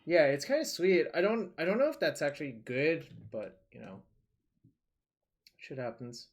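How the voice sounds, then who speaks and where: A man's voice: fairly high pitch, sing-song, moderate pace. A man streaming a card game, talking loosely and casually, thinking aloud and swearing now and then. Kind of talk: casual live-stream commentary.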